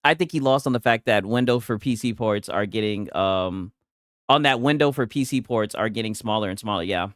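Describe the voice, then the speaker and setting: A man's voice: lowish voice, fairly quick, dry recording, studio quality. A man hosting a casual gaming news stream, talking loosely and profanely and laughing often as he reacts to posts. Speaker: livestream host.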